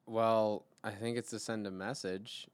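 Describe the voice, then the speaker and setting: A man playing a tabletop role-playing game, chatting casually and reasoning out loud. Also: fairly low pitch, little pitch movement, a little slow, clean tone, dry recording. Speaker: player.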